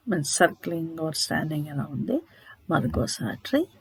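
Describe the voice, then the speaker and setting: A woman's voice: deep voice, animated, a little slow, creaky, breathy edge, no room sound, poor audio. A woman teacher retelling a short story in a literature lesson, asking herself questions and checking in with "okay?". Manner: explanatory, asks rhetorical questions, checks with "okay?".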